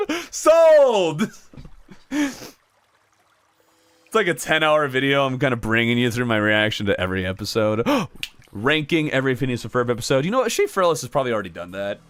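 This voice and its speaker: A man streaming a video game, chatting casually with his chat and laughing often in a jokey, animated way. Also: mid-range voice, fast talker, no echo. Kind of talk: casual live-stream chat, reading chat aloud.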